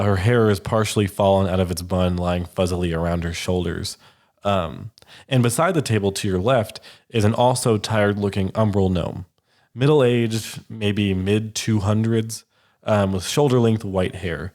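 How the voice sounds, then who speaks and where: A man's voice: low-pitched, fairly even intonation, moderate pace, a little mellow. A man narrating a tabletop game as game master, describing scenes casually with many "um"s and "like"s.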